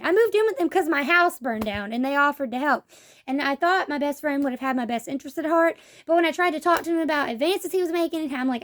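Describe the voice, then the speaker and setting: A woman's voice: high voice, fast talker. A young woman telling a story in a casual vlog, blunt and profane, acting out what people said to her. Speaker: vlogger.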